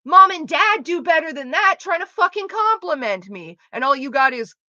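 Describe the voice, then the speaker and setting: A woman's voice: sits high, sing-song, moderate pace, sharp tone, no room sound, dull audio. A woman streamer chatting casually with her viewers, profane, sarcastic and ranting. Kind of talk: casual chat.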